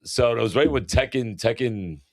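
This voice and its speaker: A man co-hosting a casual podcast, an animated storyteller who swears a lot and keeps saying bro. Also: mid-range voice, normal speed, no room sound, studio quality. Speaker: podcast co-host. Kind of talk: casual chat.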